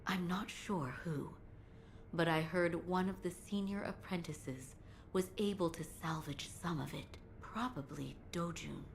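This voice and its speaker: A composed, courteous doctor. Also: female voice, lowish voice, vocal fry, a little hiss or hum, low-quality recording. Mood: earnest. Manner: formal, measured and polite.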